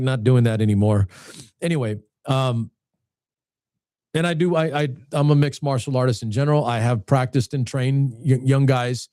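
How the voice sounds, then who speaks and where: A man's voice: mid-range voice, mellow, dry recording, clean studio sound. Rambling man in his fifties. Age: 50s. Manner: rambling, many restarts and repeated words. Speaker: channel host. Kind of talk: casual talk to camera.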